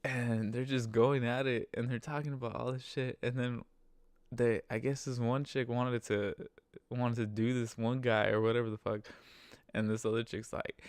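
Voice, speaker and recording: Young guy rambling thru a crude driver story, gravelly voice, dry close sound. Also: mid-range voice, flat delivery, moderate pace, dry recording. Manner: rambling and profane with many restarts; amused, laughs while talking. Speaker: rideshare driver telling a story. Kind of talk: casual storytelling.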